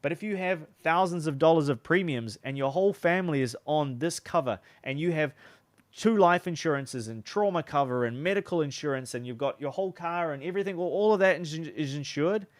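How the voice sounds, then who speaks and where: A man's voice: on the high side, a little fast, dry recording. Chatty man coaching sales, dry close sound. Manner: loose and chatty, many fillers and restarts. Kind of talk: casual teaching talk.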